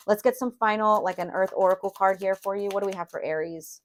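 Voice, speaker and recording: A young woman giving a casual tarot reading to camera, chatty and loose, often calling viewers "you guys" and filling pauses with "um" and "like". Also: medium pitch, steady tone. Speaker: tarot reader.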